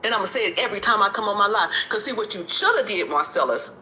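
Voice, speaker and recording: A woman's voice: mid-range voice, expressive, fast talker, sharp tone, low-quality recording. A woman on a live stream, confrontational and repetitive as she calls people out.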